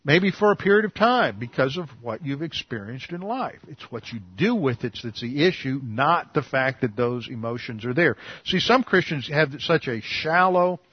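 A pastor delivers an earnest teaching sermon in a slightly husky, mid-pitched male voice, leaning on key words by slowing right down. The recording is dull and lo-fi, with a dry, close sound. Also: lively intonation, no echo. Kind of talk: expository sermon.

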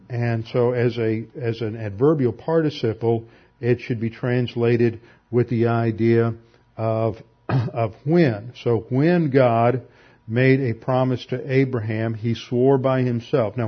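Man, lecturing on scripture, husky, methodical, dull lo-fi recording. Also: medium pitch. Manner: methodical, explains grammar step by step with restarts. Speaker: Bible teacher.

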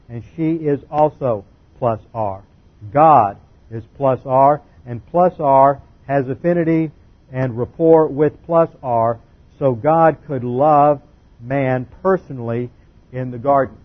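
A man with a slightly husky voice delivers a Bible lecture from the pulpit, slow and emphatic, leaning hard on key words. The recording is muffled and lo-fi. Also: mid-range voice. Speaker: Bible teacher. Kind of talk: sermon-style Bible lecture.

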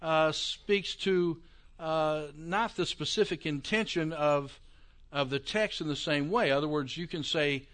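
A man lecturing on Bible interpretation in a conversational, emphatic way, with quick asides. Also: a little high, a bit bright.

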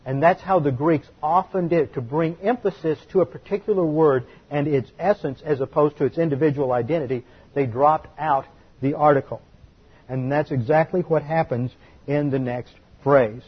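A man giving a Bible study lecture, explaining patiently and slowing down to stress key words. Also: fairly high pitch, breathy edge, muffled recording. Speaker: Bible teacher.

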